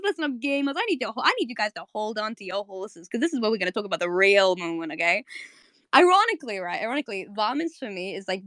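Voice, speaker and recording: A young woman hosting a live audio chat on a home mic, rambling in quick bursts with lots of fillers and repeats. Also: mid-range voice, fairly bright tone, no room sound, clean studio sound. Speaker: host of a live audio space. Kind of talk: casual live chat to listeners.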